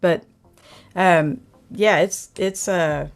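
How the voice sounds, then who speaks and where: A woman's voice: on the low side, fairly even intonation, very slow, faint music behind. A woman from Oklahoma with a light Oklahoma twang, hosting her channel in a rambling, chatty live talk and answering viewer comments. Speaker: channel host reviewing camera gear. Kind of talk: casual live chat.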